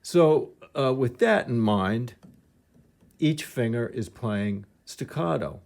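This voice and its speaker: A man's voice: mid-range voice, expressive, slow, gravelly, a little mellow. A man teaching piano technique, explaining patiently and thinking aloud, with some restarts as he demonstrates.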